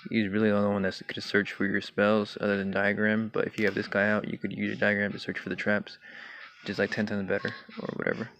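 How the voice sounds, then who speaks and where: A young man casually walking through his card game deck, talking in a relaxed way with many fillers and throat clears. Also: on the low side, fast. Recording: dull lo-fi home recording with faint hiss.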